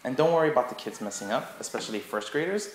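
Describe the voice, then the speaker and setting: A man teaching in a casual tutorial vlog, animated and chatty as he walks through a game for kids. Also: medium pitch, fast, a little hiss or hum. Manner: animated, acts out kids' voices. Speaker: English teaching assistant. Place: school classroom. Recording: roomy classroom echo.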